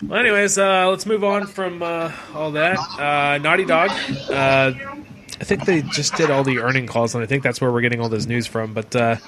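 A man's voice: a little high, normal speed. A man hosting a casual podcast chat, rambling and swearing casually. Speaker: podcast host. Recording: noisy podcast recording.

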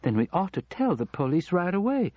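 A level-headed wife who argues with cool, pointed firmness, as a male narrator puts her on. The husky voice is lifted in pitch. It comes over a dry, dull recording. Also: a little fast, dry recording, natural voice. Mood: firm. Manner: calm, pointed, firm. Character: calm, sharp-tongued middle-aged wife.

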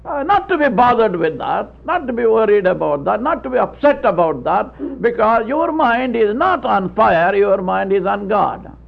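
A man's voice: high voice, sing-song, moderate pace, gravelly, hardly any pauses. A man preaching a sermon in an earnest, folksy way, chuckling and stumbling over his words. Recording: tinny old radio broadcast.

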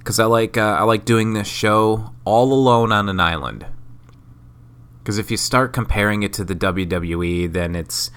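Sick male podcaster, solo rambling monologue, swears and mocks himself; bright, edgy, low-pitched voice. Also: fairly even intonation, normal speed, smooth. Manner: rambling, profane, self-mocking. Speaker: podcast host.

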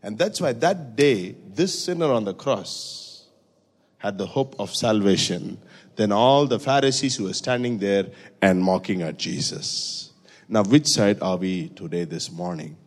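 A man preaching a sermon in a church, swinging from hushed, intimate passages to loud, high-pitched exhortation. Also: a little slow. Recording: reverberant church hall.

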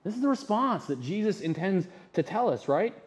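Male pastor, sermon, fairly high voice, chatty rhetorical questions. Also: sing-song, moderate pace. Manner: conversational preaching with rhetorical questions.

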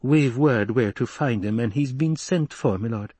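A man's voice: mid-range voice, moderate pace, a little mellow, slightly rough, no room sound, lightly acted. A man voicing a silky, scheming male advisor who hesitates and defers to his lord. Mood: deferential.

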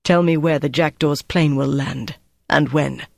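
Icy gestapo officer, narrator doing him, clipped slow orders, dry close read. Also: medium pitch, steady tone, vocal fry, dry recording. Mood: cold. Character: cold ruthless male Gestapo interrogator.

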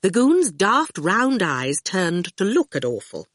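A woman narrating an audiobook in an expressive storytelling manner, close to the mic. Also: mid-range voice, slow, no echo.

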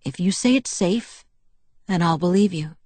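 Woman voicing calm protective young man, lowish voice, soft and measured, dry close read. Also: no echo. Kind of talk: audiobook dialogue reading.

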